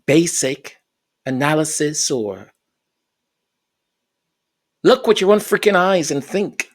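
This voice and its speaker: A woman giving an opinionated commentary rant, scornful and emphatic, repeating and tripping over her words. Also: low-pitched. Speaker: royal commentary vlogger.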